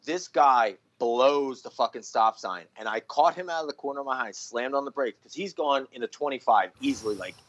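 A man's voice: mid-range voice, a little fast, few pauses, fairly bright tone. A man born in Philadelphia and raised in New Jersey, hosting a podcast with blunt, crude talk and heavy swearing. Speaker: podcast host. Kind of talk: casual podcast chat. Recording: slightly dull lo-fi sound.

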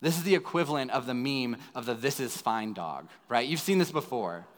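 A man's voice: medium pitch, animated, a little fast. A male pastor preaching a sermon in an earnest way, putting rhetorical questions to the congregation and swelling into emphasis. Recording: reverberant hall.

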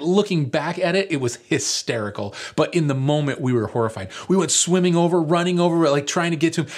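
A man preaching as lead pastor, telling a story in a casual, rambling way with fillers. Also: medium pitch. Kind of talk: storytelling sermon.

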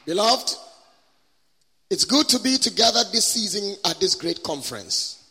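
A man preaching with great passion, his voice high, bright and swooping widely from phrase to phrase. He draws his words out slowly in a stretched preaching cadence. The sound carries a long reverb from a large church hall. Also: sing-song, breathy edge. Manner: impassioned, drawn-out preaching cadence. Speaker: guest preacher. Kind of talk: sermon with prayer and call-and-response.

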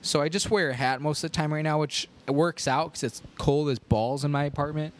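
A young man hosting a podcast, chatting casually in a rambling, jokey way with animated asides. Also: on the high side, brisk. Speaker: podcast host. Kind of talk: casual solo podcast chat.

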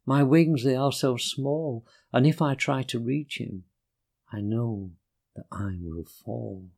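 A man's voice: mid-range voice, slow, creaky, darkish tone. A man voicing a small, lonely, timid male moth who is scared of the light. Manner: hesitant, fearful.

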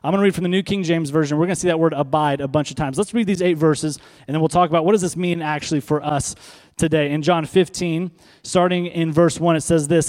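A man preaching a sermon as pastor, stressing and repeating key words and slowing down for emphasis, speaking in a church sanctuary. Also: fairly high pitch, fairly even intonation, a little mellow. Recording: long hall reverb.

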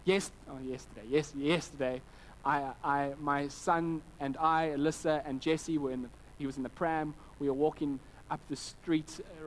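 A man's voice: on the high side, a little hiss or hum, poor audio. Man preaching a conversational sermon. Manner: conversational preaching with anecdotes, frequent restarts and animated quoted voices. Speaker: pastor.

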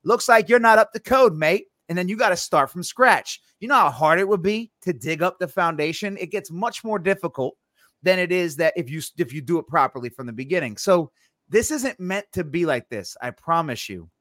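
An emphatic man co-hosting a live podcast, his voice sitting a little high and heard close and dry with no room around it. He argues with energy and keeps slipping into short imagined exchanges. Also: lively intonation, a bit bright, no room sound. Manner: emphatic, acts out quick imagined dialogue. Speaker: podcast co-host. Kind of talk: animated live-stream podcast talk.

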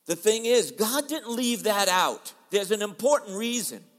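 A man preaching a sermon in a dramatic style, switching between loud and soft as he acts out quoted voices. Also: high-pitched, expressive, measured pace, long reverb tail. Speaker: pastor. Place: large church hall.

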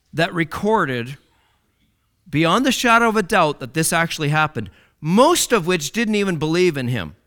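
A man preaching a sermon, with dramatic swings from loud declarations to hushed words and key phrases repeated for emphasis. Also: high voice, clear, resonant tone.

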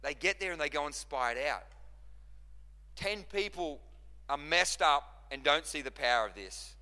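A man's voice: a little high, animated, unhurried, pushed and bright. A man preaching a sermon as pastor, impassioned, repeating and restarting phrases as he drives his points home. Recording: long reverb of a large hall.

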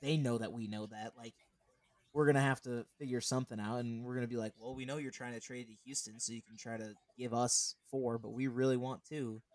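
This is a man in easy, casual sports talk on a podcast. His pitch sits in an ordinary middle range. He rambles and gets animated, often rattling off numbers. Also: fairly quick, no room sound. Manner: animated, rambling, reads stats aloud. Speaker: podcast co-host.

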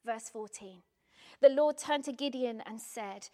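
A woman preaches a sermon in a high voice with unhurried pacing. She builds points through repetition, at times falling to a hushed, near-whispered tone and at other times pressing hard and loud.

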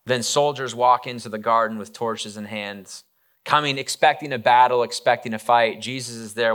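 Guy preaching like he's chatting, bright sharp voice, lots of "like" and "right?". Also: mid-range voice, normal speed. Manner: casual, animated, many fillers and asides. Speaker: pastor. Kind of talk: conversational sermon storytelling.

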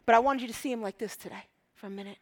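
A woman from Egypt preaching a sermon with passion, dropping to hushed whispers and rising to loud emphatic peaks. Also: on the high side, very fast.

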